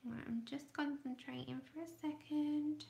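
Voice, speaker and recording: A woman hosting an art livestream, chatting casually and thinking aloud as she draws, sometimes trailing off into quiet murmurs. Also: high voice, fairly even intonation, moderate pace, gravelly, roomy sound. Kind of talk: casual livestream chat while drawing.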